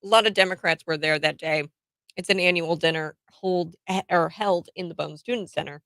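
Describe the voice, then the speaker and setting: A talk radio host shares opinionated commentary in a chatty style, laughing often and filling gaps with lots of "uh"s and restarts. Her voice is lowish with a fairly bright tone, and there's no echo.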